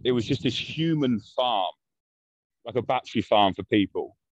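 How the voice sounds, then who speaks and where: A man's voice: mid-range voice, lively intonation, normal speed, no room sound. A man, a podcast guest telling a story in a blunt, rambling, swear-heavy way. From London. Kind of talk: casual storytelling. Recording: dull, dry lo-fi podcast audio.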